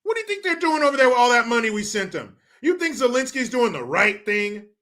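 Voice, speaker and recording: Bright-voiced, sarcastic ranting man. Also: very high voice, very animated, brisk. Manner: sarcastic, profane, mocking. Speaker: political commentary vlogger. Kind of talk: ranting commentary.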